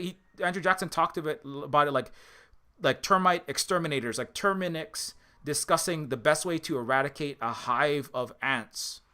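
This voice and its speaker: A man's voice: a little high, bright, forceful tone. A man giving casual spoken commentary as a video essayist, impassioned and rambling, with frequent restarts and filler words.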